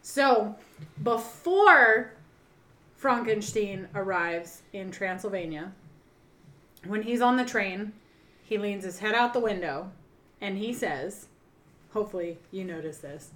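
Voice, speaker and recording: A woman co-hosting a podcast, telling stories with animated excitement and swearing freely. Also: medium pitch, slow pace, long pauses. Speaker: podcast co-host. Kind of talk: casual chat. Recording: roomy echo.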